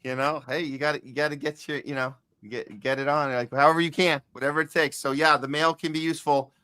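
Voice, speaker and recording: A man's voice: on the high side, fairly even intonation, fast, pushed and bright, clean tone, dry recording, clean studio sound. A man hosting a podcast in casual chat, joking and chatty, talking straight to his listeners. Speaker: podcast host.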